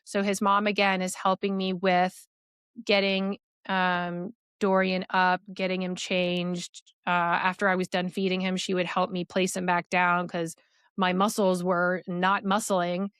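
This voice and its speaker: Young woman rambling thru her story, lots of likes, smooth clear voice. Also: lowish voice, completely flat delivery, measured pace, fairly bright tone, no room sound, studio quality. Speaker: podcast guest. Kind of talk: personal storytelling.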